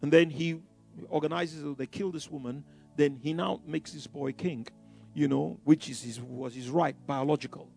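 Male preacher, exuberant and halting, with a high, gravelly voice. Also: a little mellow, faint music behind. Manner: exuberant, rallying the congregation, bursts of emphasis; halting, with many fillers and restarts. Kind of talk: sermon.

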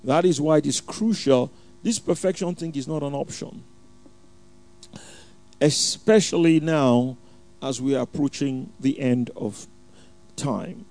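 A male preacher with a gravelly, fry-laced voice and a mellow, dark tone, sitting a touch high for a man. He prays in a measured, fervent way, then shifts into a teaching sermon full of restarts and fillers. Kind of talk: sermon with opening prayer. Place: church.

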